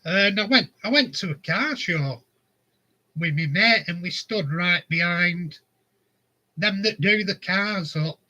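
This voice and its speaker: High-voiced man spinning yarns. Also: animated, takes it slowly, pushed and bright, rough recording. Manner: rambling anecdotes, chuckling often. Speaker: vlogger. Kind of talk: casual storytelling.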